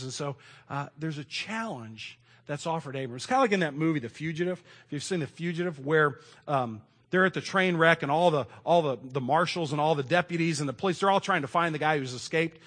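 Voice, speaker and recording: A middle-aged man preaching a sermon in a conversational way, moving between loud emphasis and hushed asides. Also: fairly high pitch, lively intonation, fairly quick. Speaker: pastor.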